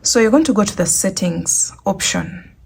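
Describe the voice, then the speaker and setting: A woman's voice: medium pitch, expressive, normal speed, vocal fry, darkish tone, slightly rough. A woman hosting a crochet tutorial, talking casually and walking through each step, often repeating herself. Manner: chatty, repeats instructions.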